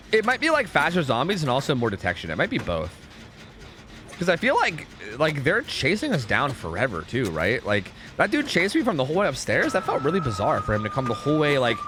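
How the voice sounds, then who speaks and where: A young man streaming gameplay, swearing a lot and swinging between shocked yells and low mumbled asides. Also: slight background noise. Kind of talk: live gameplay commentary. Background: game music.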